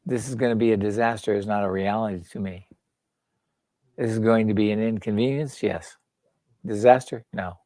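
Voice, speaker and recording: Low-voiced older man, blunt, swears, tells jokes, dry close sound. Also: steady tone, normal speed, warm tone, dry recording. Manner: blunt, swears freely, jokey storyteller. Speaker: author and founder, interview guest. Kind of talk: casual conversation.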